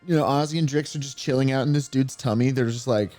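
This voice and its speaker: A young man co-hosting a casual chat over a video game, telling stories with lively flair. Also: medium pitch, quick pace, faint music behind. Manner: animated storyteller, acts out voices in bursts. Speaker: co-host. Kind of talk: casual chat while gaming.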